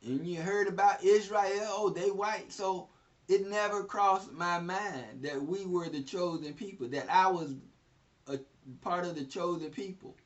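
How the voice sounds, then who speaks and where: A man's voice: high-pitched, a little slow. A man in his sixties teaching scripture as a preacher, in a conversational way that retells scenes in plain everyday speech. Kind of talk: informal Bible teaching. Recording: distant, dull lo-fi recording.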